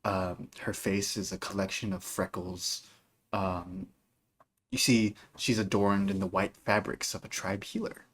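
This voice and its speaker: A man narrating as game master of a tabletop game, casual and lively, with many filler words. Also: deep voice, unhurried, a little hiss or hum.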